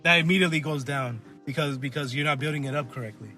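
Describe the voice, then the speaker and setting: A man's voice: a little high, racing, faint music behind. A man hosting a casual podcast, reviewing a movie, swearing and acting out lines. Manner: excitable, swears a lot, acts out lines. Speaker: podcast host. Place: collectibles shop.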